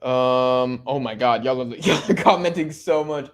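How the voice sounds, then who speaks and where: A young man casually chatting through a live football watch-along, reading and answering chat in relaxed slang. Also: medium pitch, measured pace. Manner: laid-back slang-heavy chatter, many fillers.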